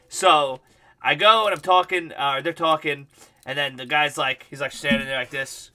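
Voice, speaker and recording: A man's voice: fairly high pitch, fairly even intonation, moderate pace, bright, forceful tone. A male livestream host telling a rambling, profane story in casual chat.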